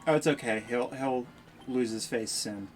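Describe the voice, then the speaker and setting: A woman's voice: rumbling low, moderate pace, darkish tone, faint music behind. A woman streaming a video game, making wry, sarcastic asides as she plays. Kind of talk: casual game commentary.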